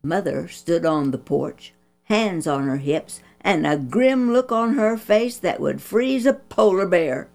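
A woman reading a Christian children's story aloud with an expressive, preachy manner. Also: on the low side, takes it slowly, creaky.

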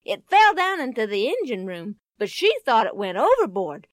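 A woman narrating a children's story in an expressive, lively storytelling manner. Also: fairly high pitch, normal speed, few pauses, no echo, clean studio sound.

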